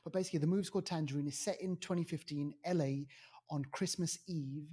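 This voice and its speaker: Rambling man, mellow and husky. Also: on the high side, fast. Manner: rambling, animated, full of fillers. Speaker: podcast film reviewer. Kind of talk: casual chat. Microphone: podcast mic.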